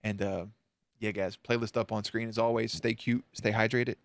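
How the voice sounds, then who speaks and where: A man's voice: on the low side, little pitch movement, normal speed, no echo. A man hosting a reaction channel, telling a story to camera in a candid, emotional way with casual swearing.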